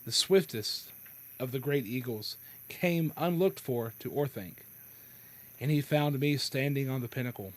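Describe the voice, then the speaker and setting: A male podcast host reads a novel aloud at an ordinary middle pitch. He stops often to correct himself and chuckles as he goes. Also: animated. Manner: halting, self-correcting reading with chuckles. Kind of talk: reading a novel aloud with commentary.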